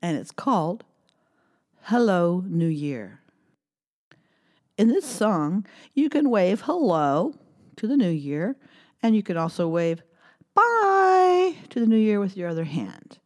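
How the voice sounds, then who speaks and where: A middle-aged woman teaching young children, singing songs and reading a poem in a gentle, sing-song way with cheerful cheers. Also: mid-range voice, sing-song, slow pace, long pauses.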